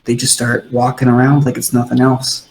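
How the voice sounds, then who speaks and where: A man voicing a paranoid tavern patron who whispers conspiracy theories in a hushed, secretive way. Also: mid-range voice, little pitch movement, normal speed, lightly acted. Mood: conspiratorial. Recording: roomy echo.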